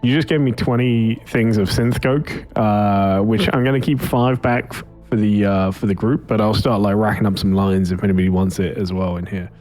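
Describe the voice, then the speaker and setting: A man's voice: on the low side, fairly even intonation, normal speed, few pauses, a little mellow, soft background music. A man playing his character at a tabletop role-playing game, casual and loose with frequent swearing. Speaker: player.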